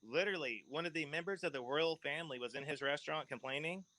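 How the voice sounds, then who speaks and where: A man's voice: on the high side, fast talker, bright, forceful tone, dry recording, poor audio. A man hosting a casual podcast chat, telling long rambling stories with laughs mixed in. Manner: rambling storyteller, laughs mid-sentence. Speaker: podcast host.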